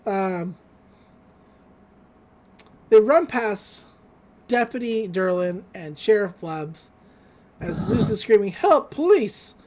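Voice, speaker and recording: A podcast host casually recapping a cartoon episode, animated, laughing often and acting out the lines. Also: mid-range voice, slow, long pauses.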